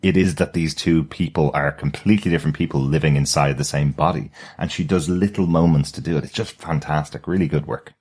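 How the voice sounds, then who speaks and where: A man with an extremely deep voice co-hosts a casual podcast. He explains his points in a steady, measured way. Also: husky. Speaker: podcast co-host. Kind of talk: casual review chat.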